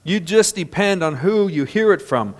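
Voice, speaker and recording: A man in his fifties delivers a sermon with a voice pitched a little above most men's. He preaches in an emphatic but conversational way. He keeps turning to his congregation for an amen. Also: animated, normal speed. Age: 50s. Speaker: pastor.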